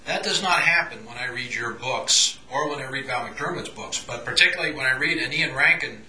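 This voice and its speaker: A man's voice: medium pitch, animated, brisk, bright, forceful tone. A man hosting an interview, asking questions in a hesitant way with many fillers. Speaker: interviewer host. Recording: echoey room.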